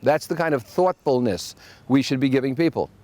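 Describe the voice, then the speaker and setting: Animated, wry male podcast host. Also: mid-range voice, brisk. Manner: wry, storytelling, animated asides. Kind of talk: solo podcast monologue with anecdotes.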